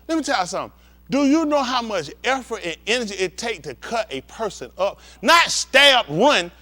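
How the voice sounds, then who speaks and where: A pastor gives a comedic, storytelling rant to his congregation, acting out the tale in a high voice that leaps all over. He sounds bright, edgy, profane, and theatrical, repeatedly asking whether they follow him.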